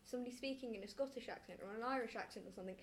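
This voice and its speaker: A woman speaks as a student guest on a school podcast, lively and quick to answer. Her voice sits a little high. A faint hum of background noise runs under her.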